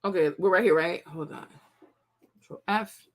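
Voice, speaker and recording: A woman in her thirties hosting a commentary show, talking casually to viewers, animated and repetitive, often laughing. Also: fairly low pitch, normal speed.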